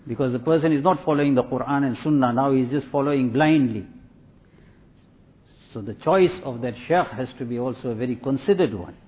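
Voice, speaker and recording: Guy preaching, slow repeating lines, sounds like its thru a phone. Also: mid-range voice, phone-quality sound. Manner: measured, repetitive teaching cadence with Arabic and Urdu religious terms. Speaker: Islamic preacher. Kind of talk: sermon.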